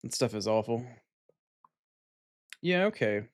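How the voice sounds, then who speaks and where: A man's voice: medium pitch, lively intonation, no room sound, studio quality. A man live streaming, chatting casually with viewers, swearing freely and tacking a playful verbal tic onto his sentences between bites of food. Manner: loose, swearing, ends lines with a cat-like "nyan" tic; talks while eating, mumbled and unhurried.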